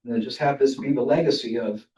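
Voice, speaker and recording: A man's voice: mid-range voice, fast talker, darkish tone. An older man giving a humorous speech at a club, telling travel anecdotes and chuckling between them. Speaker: club speaker. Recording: roomy sound from a distant mic.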